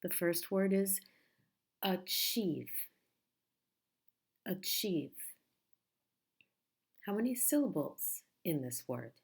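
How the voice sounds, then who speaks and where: A woman teaching a pronunciation lesson, speaking slowly and patiently and repeating each word carefully. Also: lowish voice, big pitch swings, dark tone, breathy edge.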